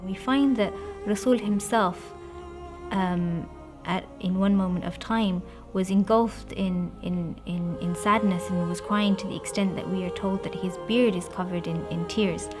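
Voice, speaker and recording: A woman narrates religious history in a measured, reflective manner. Her delivery is steady and thoughtful. A music bed runs behind her voice. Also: mid-range voice. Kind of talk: documentary narration. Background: background music.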